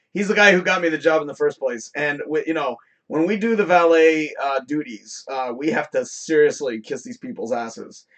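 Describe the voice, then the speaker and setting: A man's voice: a little high, a bit bright. A man hosting a live stream, telling a story in a casual, profane rant and laughing often. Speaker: host.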